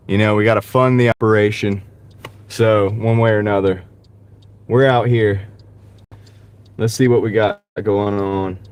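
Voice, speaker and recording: A man hosting a casual live stream while driving, upbeat and thanking viewers by name, his voice tired and wearing out. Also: on the low side. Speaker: livestream host. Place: in a moving car. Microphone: wireless mini clip-on mic. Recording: car ride with clear road noise. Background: road and car noise.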